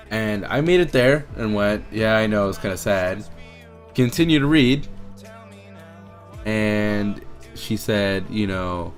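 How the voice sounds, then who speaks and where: Excitable swearing young man vlogger. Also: lowish voice, takes it slowly, faint music behind. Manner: excitable, swears a lot, loud bursts of disbelief; anxious, stammering restarts. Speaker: vlogger telling a story. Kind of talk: casual story-time monologue.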